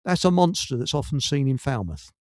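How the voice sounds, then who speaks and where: A man's voice: medium pitch, sing-song, brisk, dry recording, clean studio sound. A man hosting a live radio chat with a Hertfordshire accent, joking and rambling with many fillers and restarts. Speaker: radio show host.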